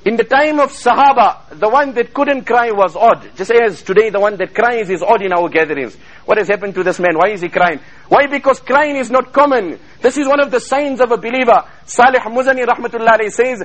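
A man preaching a fervent sermon to a congregation, quoting Arabic in rapid chanted bursts. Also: extremely high pitch, fairly bright tone, rough recording. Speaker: Islamic preacher.

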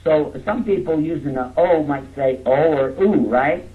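A man's voice: on the high side, unhurried. Man lecturing over a tinny line. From Texas. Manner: jokey, coaxing the audience to repeat words. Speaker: speaker teaching a live audience. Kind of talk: interactive lecture. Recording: narrow phone-like lo-fi sound.

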